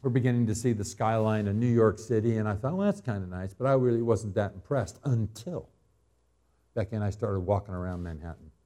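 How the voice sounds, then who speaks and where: A man from Arizona preaching a sermon as pastor, telling homespun stories and building to loud, emphatic appeals. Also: fairly low pitch, animated, a little fast.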